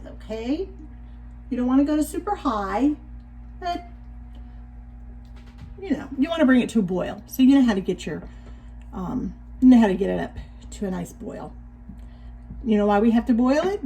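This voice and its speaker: A woman in her sixties hosting a casual cooking demonstration in her home kitchen, chatting directly to viewers and giving gentle cautions. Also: a little high, slight background noise, poor audio. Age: 60s. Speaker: cooking show host.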